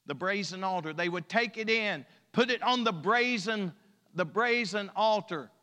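High bright-voiced preacher in a reverberant church. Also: male voice. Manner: preaching with drawn-out emphatic repetition and humor. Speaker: pastor. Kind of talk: sermon. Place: church sanctuary.

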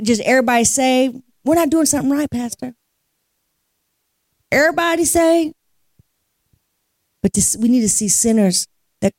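A woman's voice: a little high, darkish tone, no room sound, clean studio sound. A woman leading worship at a church service, telling a testimony as a storyteller with a preacher's cadence and laughing as she talks. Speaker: guest worship leader. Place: church sanctuary.

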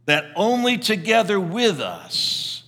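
Animated, bright-voiced preacher man. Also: sits high, slow pace, in a large hall. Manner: animated, conversational, with frequent restarts. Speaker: pastor. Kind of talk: sermon with storytelling.

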